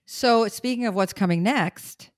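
A woman's voice: mid-range voice, a little slow, no room sound, clean studio sound. A middle-aged woman from Brooklyn hosting a casual interview, chatty and bubbly. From Brooklyn, New York. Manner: chatty, bubbly, breaks into song. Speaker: host.

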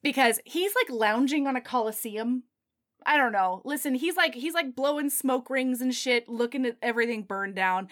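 A woman's voice: high-pitched, animated, normal speed, fairly bright tone. A woman co-hosting a casual podcast, retelling a book plot in a breezy, profane way. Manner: breezy, profane storytelling with voiced asides. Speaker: podcast co-host recapping a book. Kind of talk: casual chat.

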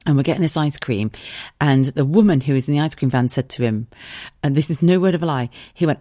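Low-voiced, chatty southern English woman. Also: fast talker, dark tone, dry recording, studio quality. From southern England. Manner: chatty, sweary, laughs at her own stories. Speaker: podcast host, former radio presenter. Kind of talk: casual storytelling monologue.

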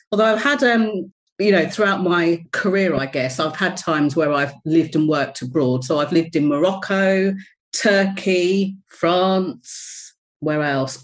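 A woman from England with a London accent, a guest in a casual interview, upbeat and laughing. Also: fairly low pitch. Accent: London English.

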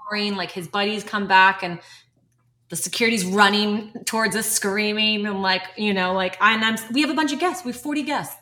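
A young woman telling animated, laughing stories as a guest on a casual podcast, often quoting what people said. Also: mid-range voice, fairly quick. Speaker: guest, wildlife filmmaker.

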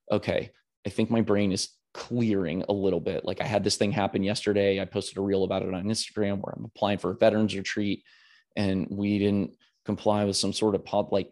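Earnest rambling man, low voice. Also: a little mellow. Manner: earnest, rambling, with frequent restarts. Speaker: podcast host. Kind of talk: candid podcast monologue.

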